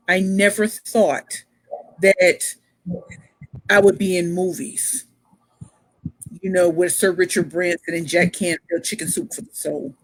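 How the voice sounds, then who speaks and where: A woman pitch coach telling her story as a motivational speaker, emphatic and repeating phrases for effect. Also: breathy edge, dry recording, rough recording.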